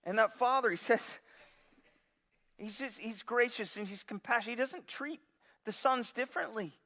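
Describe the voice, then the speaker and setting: A man preaching a sermon, telling a parable in an animated way with frequent restarts. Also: very high-pitched, normal speed. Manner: animated storytelling with repeated restarts. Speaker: pastor. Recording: long hall reverb.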